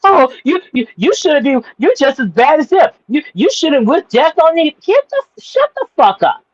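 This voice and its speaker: Brash, high-voiced profane woman. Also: sing-song, moderate pace, no echo, highs cut off. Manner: brash, profane, rambling with repeats. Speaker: podcast co-host. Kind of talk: casual profane chat.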